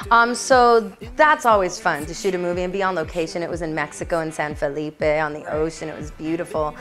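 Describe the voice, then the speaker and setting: Actress gal giving a chatty bubbly interview, bit low voice, music behind her. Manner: bubbly, laughs often, playful asides. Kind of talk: casual interview answers.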